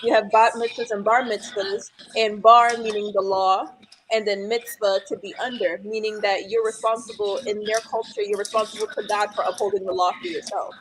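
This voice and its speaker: A woman's voice: mid-range voice, flat delivery, moderate pace, slight background noise, rough recording. A woman guest on a live chat, explaining an idea in a thoughtful, conversational way.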